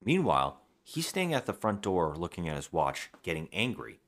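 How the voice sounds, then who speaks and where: A man with a very low voice talks through a movie's plot on a podcast. His delivery swings widely in pitch, and he acts out the characters' lines as he retells each scene. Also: wildly swooping pitch, normal speed, heavy background noise. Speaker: podcast co-host. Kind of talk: casual movie-review chat.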